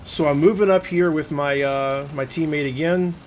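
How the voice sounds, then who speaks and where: Talking conversationally at normal speed, a man who hosts gaming videos walks through his play move by move and admits openly when he gets frustrated. His voice is fairly high with a darkish tone, and there is slight background noise.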